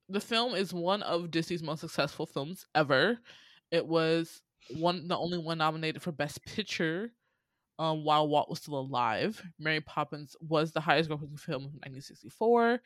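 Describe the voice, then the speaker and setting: A woman's voice: sits low, no echo. A young woman hosting a casual chat, reading out film trivia with sassy asides and frequent ums. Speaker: podcast host.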